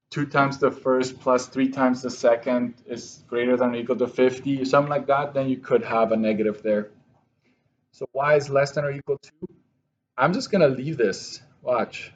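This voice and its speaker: This is a classroom math walkthrough by a man with a mid-range voice, recorded with the highs cut off. He writes while explaining each step to his students, stopping to correct himself.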